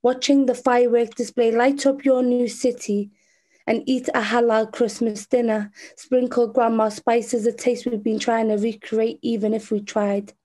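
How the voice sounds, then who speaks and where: A woman with a Scouse accent, a poet performing spoken-word poetry and then talking about it in an earnest, measured way. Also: a little high, little pitch movement, mellow. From Liverpool, England.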